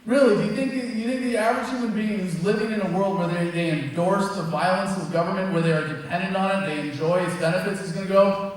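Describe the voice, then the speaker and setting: High-voiced guy ranting at a rally, blunt and mocking, big echo, mic way off. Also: fast. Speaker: activist speaker at a rally. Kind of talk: fiery speech to a live crowd. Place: large event space with crowd. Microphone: distant mic, recorded from far off. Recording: echoey hall, far from the mic.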